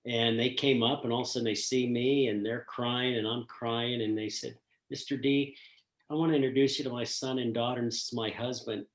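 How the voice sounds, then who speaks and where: An older man and retired school principal telling a personal story in an earnest, reflective way with frequent pauses. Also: medium pitch, steady tone. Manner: earnest, reflective, pausing often. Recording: roomy echo.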